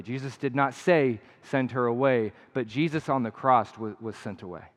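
Earnest male pastor preaching in a hall. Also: mid-range voice. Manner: earnest, emphatic preaching with repeated phrases. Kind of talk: sermon. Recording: long hall reverb.

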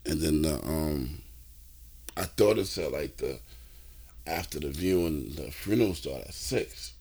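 A man with a very low voice talks easily with his co-host about his week. He circles back on his own phrases and fills the gaps with "um," without any rush. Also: lively intonation, measured pace, mellow, breathy edge. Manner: laid-back, repeats phrases, lots of fillers. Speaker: podcast co-host. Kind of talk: casual chat.

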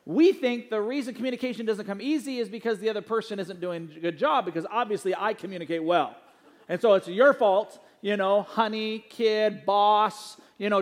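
High-voiced pastor in a reverberant hall. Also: male voice. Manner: conversational, anecdotal, many fillers. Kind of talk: sermon with announcements. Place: church sanctuary.

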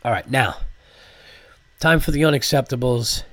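A man's voice: mid-range voice, normal speed, no room sound. A congested male comedian holds forth on his own podcast, his mid-range voice sounding stuffy from a cold. His talk is loose and profane, with plenty of fillers. The sound is dry and close, with no room around it. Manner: animated, profane, rambling with fillers. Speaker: podcast host, stand-up comedian. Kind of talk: casual solo podcast monologue.

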